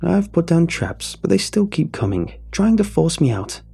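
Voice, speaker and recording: A squawking, shrewd old woman with a rambling, snappish manner, as a male storyteller puts her on. The voice sits high and lively above a low, gravelly base, and soft music plays behind. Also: moderate pace, exaggerated voice.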